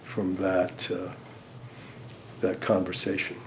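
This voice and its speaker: Slow, low-voiced older American man. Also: monotone. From United States. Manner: hesitant, many restarts and ums. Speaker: former diplomat recalling events. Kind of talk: interview recollection.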